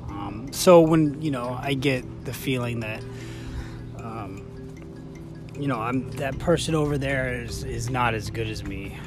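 A man's voice: medium pitch, a little slow, music in the background. A man talking on a podcast in an easygoing, casual way, peppered with "you know". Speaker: podcast co-host.

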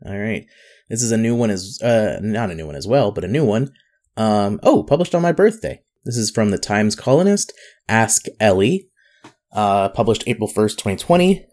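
Podcast dude, lowish voice that swings around a lot, jokey and laughing. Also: male voice, moderate pace. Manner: joking, laughs often, lively. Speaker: podcast co-host. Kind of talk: casual podcast banter and reading a letter aloud.

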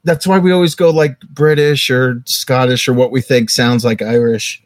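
A man's voice: medium pitch, steady tone, normal speed, no echo. A man co-hosting a podcast in casual chat, easygoing and jokey. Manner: easygoing, jokey, drops into mock accents. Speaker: podcast co-host.

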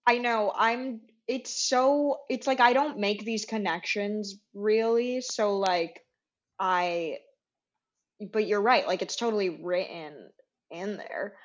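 A woman's voice: medium pitch, slow pace. Giggly self-deprecating woman, lo-fi sound. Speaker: actress guest. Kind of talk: casual interview chat.

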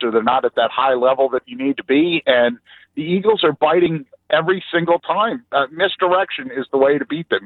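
Over a phone line, a man with a mid-range voice calls in as a regular guest on a sports radio show, with no echo on the line. He talks bluntly and emphatically in long, rambling runs.

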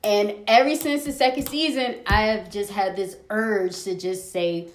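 Woman co-host, casual chat, rambling with frequent laughs, mid pitch, echoey room. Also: fairly even intonation, a little slow. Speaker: podcast co-host.

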